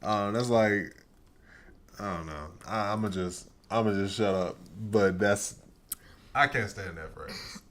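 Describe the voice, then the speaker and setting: A young man co-hosting a casual podcast, talking in a relaxed way and often restarting his sentences. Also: on the low side, a little slow. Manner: laid-back, repeats himself when he starts a sentence. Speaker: podcast co-host.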